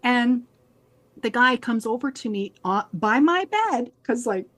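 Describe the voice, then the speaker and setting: Woman, higher voice, casual storytelling, lively, acts out quotes. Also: measured pace. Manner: animated storyteller acting out quoted dialogue. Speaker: podcast co-host.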